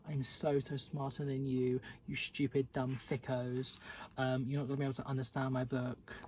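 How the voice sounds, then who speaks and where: A man's voice: mid-range voice, completely flat delivery, moderate pace, darkish tone, slight background noise, natural voice, low-quality recording. A man mimicking a smug, pretentious woman author in a sneering, mocking tone. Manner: mocking, exaggerated superiority.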